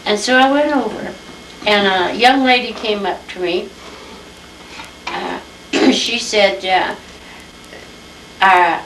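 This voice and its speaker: An older woman from Iowa tells a family history story in an unhurried, chatty way. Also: mid-range voice, fairly bright tone. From Iowa, USA. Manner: unhurried, chatty, acts out old conversations. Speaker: interviewee telling family history. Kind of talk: reminiscing storytelling. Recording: roomy home recording, distant mic, faint hiss.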